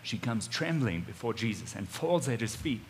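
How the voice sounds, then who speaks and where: Animated South African preacher man. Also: mid-range voice, moderate pace, in a large hall, slight background noise. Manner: animated, conversational, repeats his starting words. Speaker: pastor. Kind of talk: first-person storytelling sermon.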